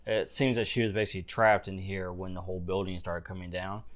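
A male game master narrates a tabletop role-playing scene in a fairly low voice. He describes the action slowly and loosely, with casual fillers. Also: little pitch movement.

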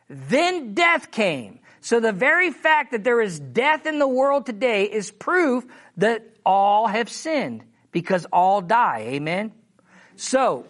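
Preacher, sermon, unhurried delivery, sing-song pitch, checks in with listeners. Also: a bit bright. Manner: keeps checking in with listeners, asking "Amen?" and "All right?"; reads scripture slowly, with emphasis. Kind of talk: sermon, Bible teaching.

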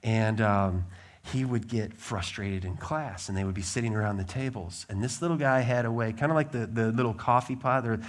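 A middle-aged man preaching a sermon as pastor, swinging from loud emphatic declarations to quiet conversational asides. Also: fairly low pitch, moderate pace.

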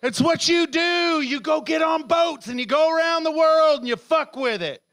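A middle-aged man from Canada performs stand-up with an unusually high voice. He rambles, shouts lines for effect and laughs through his own bits. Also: moderate pace. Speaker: stand-up comedian. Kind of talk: live stand-up set. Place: comedy club stage.

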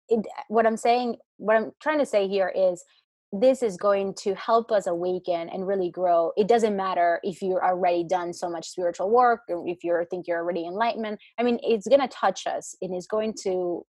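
A woman's voice: mid-range voice, moderate pace, darkish tone, breathy edge, no echo. A woman talking about spiritual work in casual chat, rambling with many restarts and fillers. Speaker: spiritual guest.

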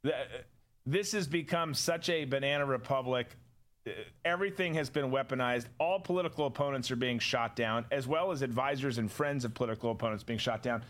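A man's voice: medium pitch, a little fast, fairly bright tone. A man hosting a political talk show, scornful and rambling, with many restarts. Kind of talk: opinionated political commentary.

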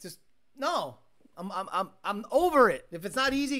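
A man hosts a casual live stream and talks straight to his chat. His voice is bright and lively, swinging up and down in pitch. He rants in a profane, exasperated way. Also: normal speed. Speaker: livestream host reading chat.

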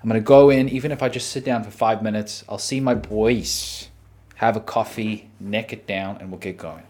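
An Australian man hosting a podcast, telling a story in a casual, animated, profane way. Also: fairly low pitch, normal speed. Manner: animated, profane, dramatic retelling. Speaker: podcast host.

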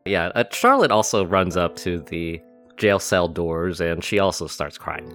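A man runs a tabletop game, narrating loosely with plenty of "like" and "sort of". His voice sits low. Faint music plays behind him. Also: big pitch swings, unhurried, a bit bright. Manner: casual, filler-laden narration. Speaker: game master.

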